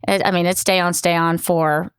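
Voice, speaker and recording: Earnest woman officer, smooth dry voice. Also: fairly low pitch, moderate pace, dry recording. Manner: earnest, animated storytelling with many fillers. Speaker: battalion commanding officer, guest. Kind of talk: conversational interview storytelling.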